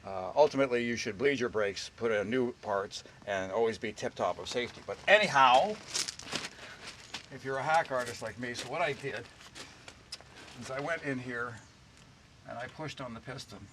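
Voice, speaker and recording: A man's voice: mid-range voice, normal speed, pauses often, background noise. A man giving a rambling, folksy, self-deprecating how-to talk while working on a jacked-up car outdoors. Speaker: DIY car repair vlogger.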